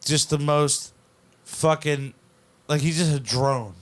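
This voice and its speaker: A man's voice: on the high side, fairly even intonation, slow pace. A man co-hosting a podcast, ranting bluntly with plenty of swearing. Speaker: podcast co-host. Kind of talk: casual podcast banter.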